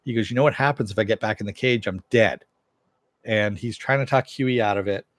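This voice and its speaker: Guy casually recapping a tv episode, kinda low voice, dry mic, says "he goes" a lot. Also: fairly quick, no echo. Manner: loose storytelling, paraphrases dialogue with "he goes"; frequent "uh" fillers. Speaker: TV show reviewer.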